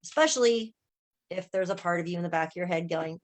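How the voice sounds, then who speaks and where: A woman coach and healer in an animated, casual group chat on a video call, often checking in with her listeners as she tells stories. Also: fairly low pitch, fast. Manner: animated storyteller, often asks "right?" and acts out quoted voices.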